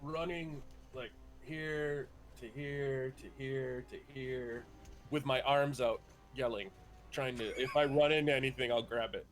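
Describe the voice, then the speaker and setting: An animated man at a tabletop game, acting out his character's actions as he describes them. His voice sits at an everyday middle pitch. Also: a little slow, soft background music. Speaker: player. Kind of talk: casual game chat.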